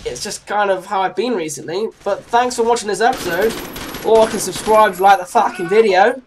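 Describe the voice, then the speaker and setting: A teenager in their late teens hosts a gaming channel, giving fairly quick, rambling and chatty gameplay commentary in an English accent, with giggly asides. The voice is mid-range, and background noise is audible.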